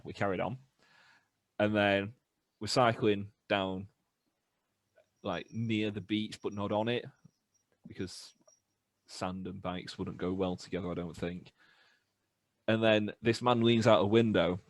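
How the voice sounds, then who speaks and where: Man, young adult, British, low voice, casual podcast storytelling, animated, dry sound. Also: dry recording. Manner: animated anecdotes with laughs and acted-out voices. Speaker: band member podcast host.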